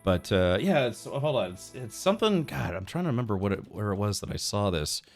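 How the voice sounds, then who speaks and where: Over soft background music, an American man streams a video game, chatting casually and thinking aloud with many fillers and restarts while reading chat and quest text aloud. His lowish voice is brisk and lively in intonation, with no echo.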